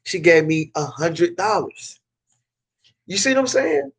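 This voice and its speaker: A man with a Southern accent speaks casually to his viewers in a slightly higher-than-usual voice. He repeats phrases for emphasis and often restarts mid-sentence, sharing hard-won business lessons. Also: sing-song, unhurried, creaky, breathy edge. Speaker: car detailing business owner. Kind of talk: casual advice talk to camera.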